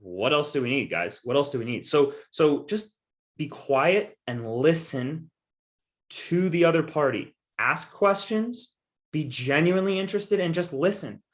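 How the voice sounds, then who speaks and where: A man's voice: fairly high pitch, expressive, a little slow. A man giving a coaching presentation on investing, talking to his audience in an emphatic, persuasive and casual way. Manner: emphatic and persuasive, with frequent repeated assurances; casual, addresses listeners directly as "guys". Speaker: guest speaker on real estate investing.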